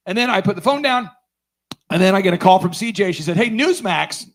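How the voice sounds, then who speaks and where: A man's voice: sits high, a little fast. A man giving a storytelling talk at a conference, acting out the dialogue he quotes. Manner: animated, acts out quoted dialogue. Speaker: conference speaker.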